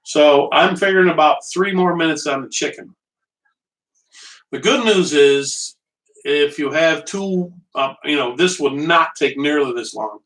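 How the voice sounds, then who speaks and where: A man's voice: fairly high pitch, a little slow, fairly bright tone. Rambling, chatty man cooking live, off-mic. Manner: rambling, chatty, joking with viewers. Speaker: home cooking show host. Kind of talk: live-streamed cooking demonstration. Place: kitchen at a small portable stove. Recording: distant mic.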